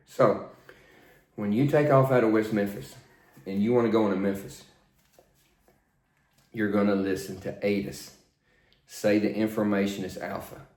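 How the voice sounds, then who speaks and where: Older male flight instructor, low and roomy. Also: moderate pace, long pauses. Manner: plain, steady, repetitive coaching. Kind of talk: spoken instruction, demonstrating radio calls. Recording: roomy echo.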